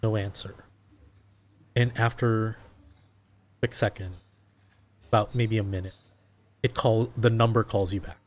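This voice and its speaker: A man narrating a tabletop horror game as game master, in a calm, unhurried way. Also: fairly low pitch, slight background noise.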